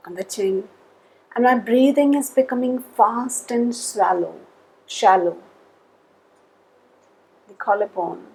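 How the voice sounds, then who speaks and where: A woman leading a guided tapping session, calling out tapping points in a slow, measured way between spoken statements. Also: fairly high pitch, gravelly, darkish tone, slightly rough, poor audio.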